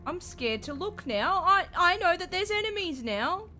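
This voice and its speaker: A young woman streaming a game and reacting out loud, jumpy and profane, shrieking and laughing at scares. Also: extremely high pitch, big pitch swings, moderate pace, soft background music. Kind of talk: live let's-play commentary.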